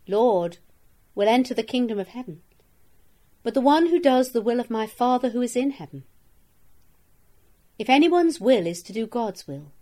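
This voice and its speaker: A woman reading a daily devotional of Bible verses in a measured, solemn manner, with each verse and its reference read out. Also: fairly high pitch, dark tone. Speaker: scripture reader.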